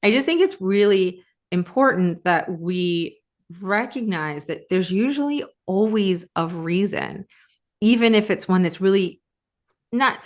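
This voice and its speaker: A woman co-hosting a podcast in casual chat, animated and quick to restart her sentences. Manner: animated, restarts often, jumps up in pitch. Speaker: podcast co-host.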